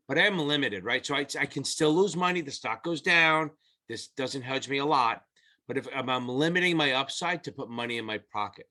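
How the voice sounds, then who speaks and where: A middle-aged male tutor walks through exam material in a loose, unscripted way, blunt and salty with his language. His voice is bright and forceful, and he keeps circling back to restate his points. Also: medium pitch. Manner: blunt, profane, rambling explanations. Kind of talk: casual whiteboard lesson.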